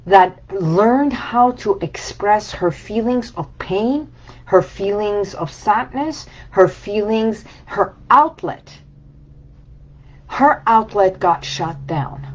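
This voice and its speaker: A woman's voice: medium pitch, a little mellow. A woman healing coach giving a reflective motivational talk, repeating and stacking her phrases. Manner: reflective and repetitive, building phrases in lists. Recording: dull lo-fi sound.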